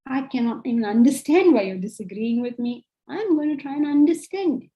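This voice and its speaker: A woman giving a spiritual lecture, earnest and animated, acting out the inner voices she quotes. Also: high voice, a little fast, highs cut off. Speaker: Vedanta teacher.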